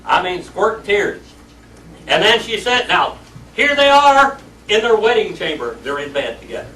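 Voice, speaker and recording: Telling the story folksily and colloquially, a man teaches an energetic Sunday school Bible class in a church classroom. His high, bright voice swings widely in pitch and carries a forceful tone at normal speed. The recording is echoey, from a distant mic, with faint noise.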